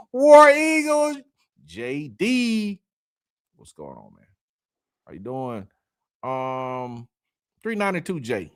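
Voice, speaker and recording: A man hosts a casual sports livestream and reads viewer comments aloud. His delivery is lively, with a pitch that swings widely, and it is full of laughter and slang like y'all and man. The sound is dry and close to the mic. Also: slow pace, gravelly, long pauses, no echo. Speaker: live stream host reading comments.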